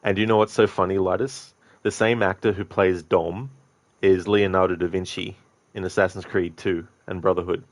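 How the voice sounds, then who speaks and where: A man's voice: low-pitched, steady tone, normal speed, dry recording. A man streaming a game, rambling casually to his viewers, answering them and swearing freely. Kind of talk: casual live-stream chat.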